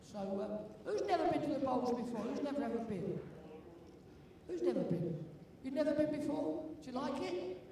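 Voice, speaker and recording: An older man with a London accent and a very high voice, joking and teasing his way through crowd banter as an event compère. He sounds far from the mic, with heavy echo off a big indoor arena and some faint noise behind. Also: expressive, normal speed, vocal fry, mellow. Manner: jokey, teasing, chatty with the audience. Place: large indoor sports arena. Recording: echoey hall from far off, with room noise.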